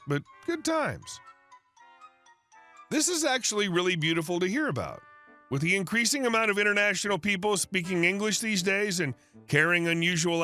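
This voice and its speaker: Guy reading a story out, high bright voice, soft music behind. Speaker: narrator. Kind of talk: scripted story narration.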